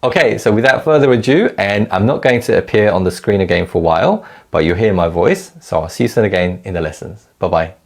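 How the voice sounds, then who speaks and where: A man's voice: fairly low pitch, brisk, hardly any pauses. A man teaching a recorded language lesson, explaining words patiently and leading repeat-after-me drills.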